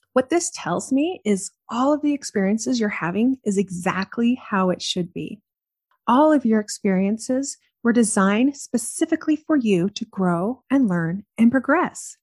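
A woman's voice: fairly high pitch, darkish tone, slightly rough, no room sound, studio quality. A woman hosting a solo motivational podcast, talking to her listeners in an encouraging way and asking them many questions. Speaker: podcast host.

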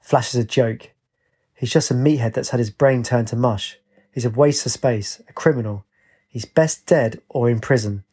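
A man's voice: medium pitch, moderate pace, warm tone, breathy edge, close to an everyday voice. A man voicing a blunt, sarcastic homeless former soldier who mutters and mocks. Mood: scornful.

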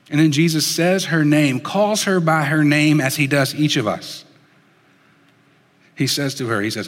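Earnest male preacher in a reverberant hall. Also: mid-range voice. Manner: earnest, dropping soft and slow for emphasis. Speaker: pastor. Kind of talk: sermon.

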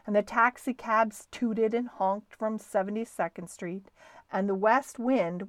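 A woman hosting a bedtime story show, reading a children's book aloud in a lively, expressive way. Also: a little high, no room sound. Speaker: storyteller, podcast host.

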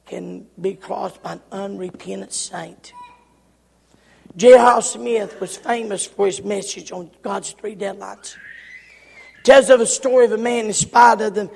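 A man preaching a sermon in a church, his delivery swinging from shouts to near-whispers. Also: high-pitched, creaky, breathy edge. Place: church sanctuary. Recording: long hall reverb.

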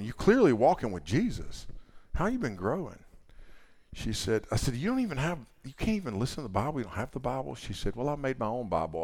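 A middle-aged man preaching at a youth camp, telling a story in an animated way, acting out the dialogue and swinging from loud to hushed. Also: on the low side, dry recording. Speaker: camp speaker.

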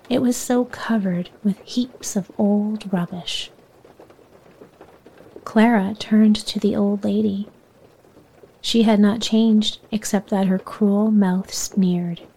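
A woman reading a children's bedtime story aloud in a soft voice that often sinks near a whisper. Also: medium pitch, husky, poor audio.

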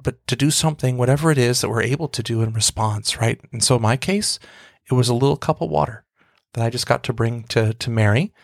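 A man's voice: mid-range voice, fast, gravelly, dry recording, clean studio sound. A man, a priest co-hosting a faith podcast, telling a prayer story in a reflective, storytelling way with frequent restarts. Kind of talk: casual faith podcast conversation.

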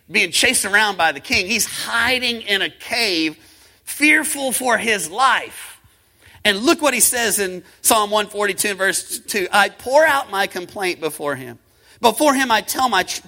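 A man's voice: high voice, pushed and bright. A man preaching a sermon as pastor, speaking with rising emphasis and calling on the congregation to respond. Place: church.

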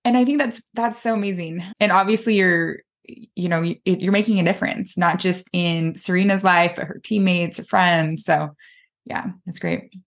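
A woman's voice: fairly low pitch, steady tone, normal speed, gravelly. A woman hosting a podcast interview as a mental performance coach, encouraging and enthusiastic as she affirms her guest.

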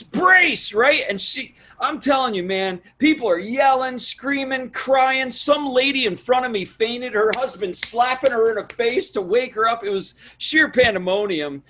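A man's voice: very high-pitched, normal speed, hardly any pauses. A man, a pastor and author speaking as an interview guest in an emphatic, sermon-like storytelling manner. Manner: emphatic, storytelling, builds to shouts when retelling. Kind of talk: conversational interview, preaching tone.

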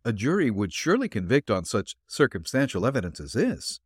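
A man's voice: mid-range voice, wildly swooping pitch, brisk, breathy edge, dry recording, clean studio sound, voice pushed up. A man reading the part of an eager young male detective assistant who keeps questioning and reacting with surprise.

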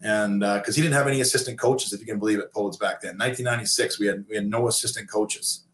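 A man's voice: on the low side, fairly even intonation, quick pace, a bit bright, a little hiss or hum. Rambling storyteller man, echoey room. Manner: rambling, many fillers and restarts. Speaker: interview guest, former pro hockey player turned coach. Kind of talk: casual storytelling.

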